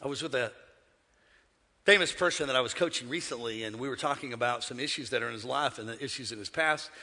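A man preaching a sermon in a church, joking with the congregation and swinging between shouting and hushed asides. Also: medium pitch, quick pace, long reverb tail. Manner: humorous, conversational preaching. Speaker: pastor. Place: church sanctuary.

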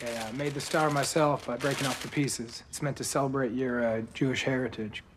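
An actor plays a gruff young man from a sitcom, clumsy with his feelings. He rambles, circles back over the same words, and keeps tacking "man" onto his lines. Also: mid-range voice, steady tone, a little fast, background noise, close to an everyday voice. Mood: awkward. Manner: rambling, repeats himself and says "man" a lot. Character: awkward, gruff young man fumbling to show affection. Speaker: sitcom character. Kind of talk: sitcom acting.

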